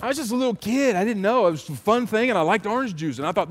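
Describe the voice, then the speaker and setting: A middle-aged man preaching a sermon as pastor, animated and emphatic with repeated refrains. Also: sits high, fast talker. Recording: long hall reverb.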